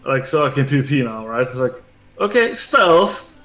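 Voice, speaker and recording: A man's voice: mid-range voice, fairly even intonation, fast talker. A man telling a gaming story in casual chat, rambling and swearing, with lots of filler words. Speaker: gaming streamer. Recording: echoey room with faint game music.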